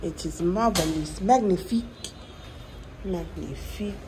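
A woman's voice: on the low side, a little slow, noisy background. A haughty, prim lady, as a vlogger puts her on. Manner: stiff, formal wording with a French flourish. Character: prim, theatrical woman giving a formal home tour. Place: rented apartment indoors.

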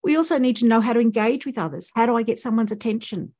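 Speaking a little high and with plenty of expression, the Australian woman moves at a quick pace, her tone darkish. She's a speech pathologist giving a conference presentation and putting rhetorical questions to the audience as she explains.

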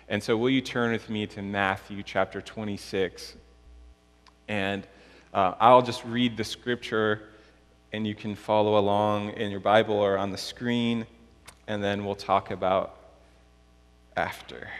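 A man preaching as a pastor, unhurried and pausing often with fillers, praying and reading scripture in a church. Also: on the low side. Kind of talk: sermon with prayer and scripture reading. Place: church sanctuary. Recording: long church reverb.

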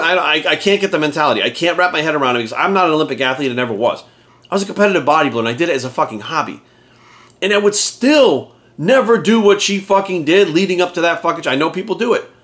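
A middle-aged man rants straight at his audience, swearing constantly and sounding openly exasperated. His voice sits a little on the high side for a man. He talks like a blunt fitness coach sounding off. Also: a bit bright. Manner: profane, blunt, exasperated ranting. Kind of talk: ranting commentary to camera.

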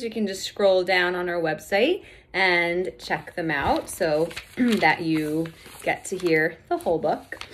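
Woman reading a children's book aloud. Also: mid-range voice. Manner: slow, deliberate and expressive. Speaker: storybook reader.

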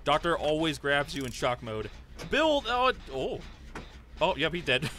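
Brief: young male gaming streamer, higher-pitched voice, excitable play-by-play, faint hiss behind. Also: unhurried. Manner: excitable, pleading and cheering during play. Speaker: gaming YouTuber. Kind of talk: live gameplay commentary.

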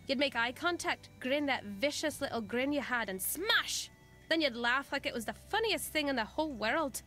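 A woman's voice: high voice, lively intonation, normal speed, sharp tone, faint music behind. An actress voicing a dry, teasing older female former newspaper writer in a mystery game. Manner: dry, teasing, then urgent.

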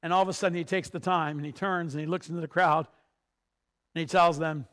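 A man with a fairly high voice preaches a sermon. He tells the story with energy and climbs to loud, emphatic moments. He also drops to quiet, low passages. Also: fairly even intonation, fast. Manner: storytelling, rising to emphatic peaks. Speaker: pastor.

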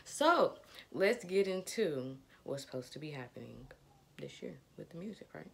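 A young woman chats casually to her channel's viewers in a low, gravelly voice. She talks in an upbeat, chatty way with plenty of fillers and a slight lisp. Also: big pitch swings, moderate pace. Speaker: vlogger. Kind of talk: casual chat to camera.

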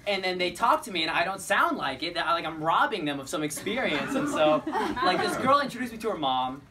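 Young American comic with a lively, varied delivery. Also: male voice, fairly high pitch, brisk. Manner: self-deprecating, chatty, laughs often. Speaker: stand-up comedian. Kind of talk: stand-up comedy. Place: live comedy venue. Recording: distant live mic, loud crowd and noise.

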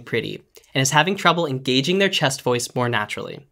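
A vocal coach giving calm, clear, step-by-step instructions in a scripted singing lesson. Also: medium pitch, a little fast, faint music behind.

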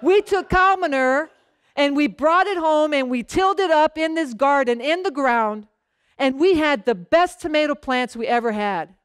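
A woman pastor gives an animated, story-like sermon at a moderate pace, often pausing to check in with the congregation. She plays out snippets of dialogue in a lowered voice. The recording is studio quality and free of echo.

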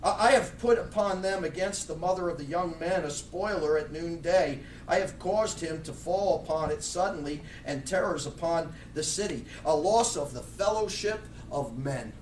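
A man's voice: on the high side, moderate pace, hardly any pauses, slight background noise. A middle-aged man preaching a blunt, fiery sermon with many restarts. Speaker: pastor. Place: church sanctuary. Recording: echoey room, mic far off.

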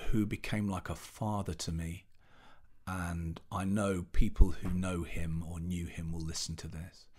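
A man, a pantomime performer chatting as an interview guest, telling animated anecdotes and restarting as he searches for words. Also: low-pitched. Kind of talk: casual interview chat.

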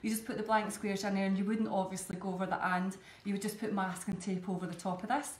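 A woman's voice: mid-range voice, level tone, quick pace. A woman with a Scottish accent, chatting her way step by step through a live cake-decorating demonstration. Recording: echoey room, faint background ambience.

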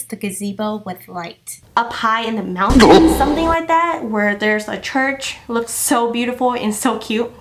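A young woman beauty vlogger telling a personal story to her viewers in a chatty, animated way. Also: a little high. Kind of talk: casual storytelling to camera.

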